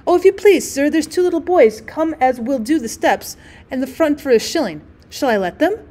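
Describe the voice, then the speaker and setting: A woman voicing an eager young housemaid who speaks brightly and deferentially, reading a storybook aloud. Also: high voice, lively intonation, moderate pace, voice pushed up.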